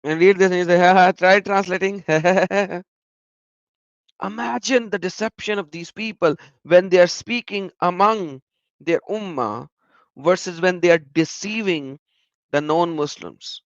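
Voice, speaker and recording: A man's voice: high-pitched, unhurried, no room sound, muffled recording. A man giving reaction commentary on video clips, emphatic and repeating words for stress.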